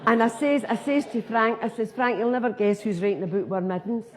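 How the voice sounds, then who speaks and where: A woman's voice: fairly high pitch, background noise, pitched above the performer's own voice, lightly acted. A woman voicing a chatty, nosy Glasgow man with a Scottish accent, who teases in a gossipy way. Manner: gossipy, quick and teasing.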